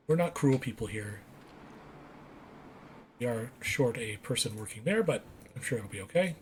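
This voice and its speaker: A man talks through a strategy game in a relaxed, casual way, reading out prompts and correcting his own words. His pitch moves a lot, rising and dipping as he reacts, with a faint hiss of noise behind him. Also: normal speed, long pauses. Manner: reads on-screen text aloud, corrects himself. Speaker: let's play gamer. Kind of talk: casual gameplay commentary.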